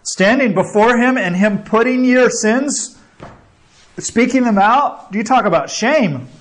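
A man's voice: very high voice, expressive, slow pace. A man preaching a sermon, earnest and exhorting, often checking in with the listeners and building emphasis through repeated phrases. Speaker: pastor.

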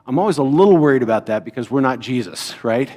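Middle-aged man, church pastor, conversational Bible lesson, mid pitch, leans on rhetorical questions and "right?" tags. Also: expressive, quick pace, darkish tone. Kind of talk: teaching a Bible lesson to a congregation.

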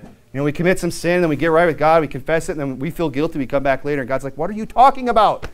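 Man, pastor, preaching, animated storytelling, acted-out quotes. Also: a little high, rapid-fire. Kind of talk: sermon.

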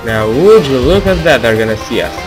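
A man's voice: medium pitch, animated, fairly quick, rough recording. A man giving casual let's-play commentary, chatty and musing aloud, with sudden exclaims at setbacks. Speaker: gamer playing through an action game. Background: game music.

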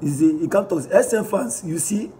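A Ghanaian-accented man talks through online posts in a lively, playful vlog style, switching between pidgin and English. His voice sits a little high but sounds soft and dark in tone. He chuckles often as he reacts. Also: normal speed. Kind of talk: casual commentary reading posts aloud.

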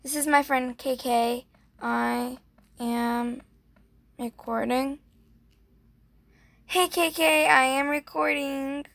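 A young woman vlogger offers casual commentary on her game, gushing, gasping breathily and using "like" again and again. Her voice is a little high and fairly bright, with fairly even intonation, a very slow pace and long pauses, and there's no room sound.

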